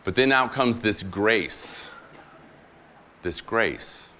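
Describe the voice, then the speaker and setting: A man with a very low voice gives a sermon as a guest chaplain, retelling scripture stories in a loose, joking, conversational way. He drops in slang and acts out the people he quotes. A faint hiss sits under his voice. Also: lively intonation, extremely slow, sharp tone. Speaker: guest preacher, military chaplain.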